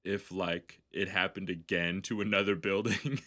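A man's voice: low voice, fairly even intonation, moderate pace, bright, forceful tone. A man hosting a podcast, telling long rambling stories in casual, heavily profane chat. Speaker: podcast host.

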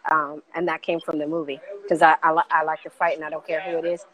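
Middle-aged woman guest, lowish voice, emphatic and passionate delivery. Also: little pitch movement, fast talker, rough recording. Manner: passionate, emphatic, gets louder as she makes a point. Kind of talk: casual conversation.

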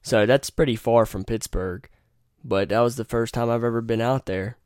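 A man's voice: medium pitch, moderate pace, darkish tone, dry recording, clean studio sound. A young man hosting a podcast, telling rambling, profane stories and giving blunt opinions in a casual monologue. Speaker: podcast host.

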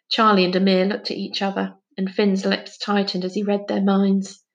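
A woman reading a children's book aloud with clear, gentle storytelling. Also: mid-range voice, monotone, normal speed, dull audio. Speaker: story reader.

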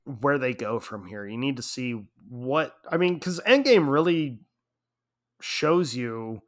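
A middle-aged man in casual chat, telling a story in an animated way and laughing often. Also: mid-range voice, takes it slowly.

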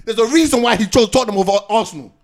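Brief: man, high voice, rapid-fire, combative podcast co-host who keeps hammering the same line. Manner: combative, repeats his points, swears freely. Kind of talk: heated football podcast debate.

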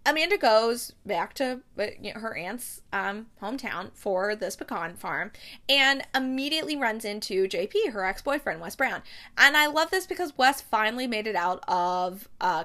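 A woman's voice: a little high, sharp tone. A young woman hosting a casual chat show, chatty and rambling, with lots of fillers and self-corrections. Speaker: podcast host reviewing TV movies.

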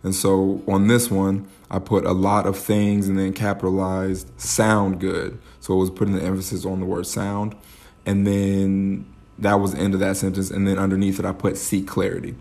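A man hosting a solo podcast, reflecting aloud in a halting way, with many fillers and restarts. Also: deep voice, completely flat delivery, mellow. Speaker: podcast host.

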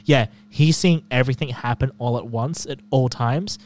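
A man chatting casually about films and comedians, opinionated and quick to laugh. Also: mid-range voice, a little mellow.

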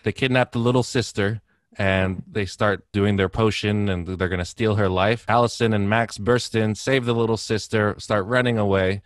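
A man with a fairly low voice recaps a film plot in a relaxed, chatty way and laughs easily as he talks. The sound is dry and close. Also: moderate pace, dry recording. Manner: playful storyteller who laughs often. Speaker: podcast co-host. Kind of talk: casual chat, retelling a movie plot.

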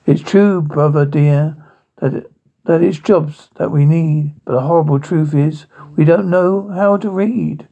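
Brief: man doing dim-witted storybook pigs, whiny, higher, husky. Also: a little slow, warm tone, highs cut off. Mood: dopey. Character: dim-witted lazy male pig brothers.

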